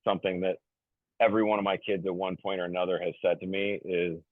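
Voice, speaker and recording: A deep-voiced man in his fifties rambles through a casual story as a podcast guest, stumbling over restarts and fillers with a jokey edge. The sound is thin and phone-like, with no room echo at all. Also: level tone, fast, few pauses. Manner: jokey, self-described goofy. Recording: tinny phone-like dry sound.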